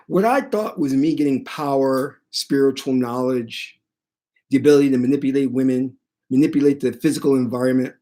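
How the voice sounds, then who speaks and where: A man who teaches spirituality, retelling a personal story in an animated, dramatic way. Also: mid-range voice, normal speed. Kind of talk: storytelling monologue.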